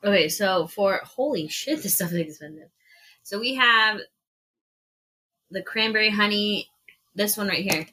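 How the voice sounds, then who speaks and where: On a podcast mic in a shared room, this woman co-host speaks at a medium pitch and measured pace, pausing often, her tone bright, forceful and husky. She swears, taste-tests food and reads prices aloud in a casual chat.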